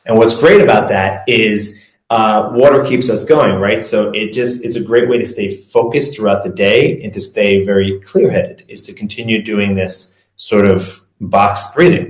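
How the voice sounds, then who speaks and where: A man's voice: fairly low pitch, normal speed. A man giving a casual presentation as a performance coach, talking loosely with self-corrections and leading breathing exercises. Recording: echoey room.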